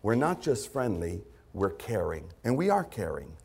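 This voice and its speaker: A man pastor delivering a conversational sermon to his congregation, breaking now and then into loud put-on voices. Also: on the low side, big pitch swings, normal speed, vocal fry, breathy edge.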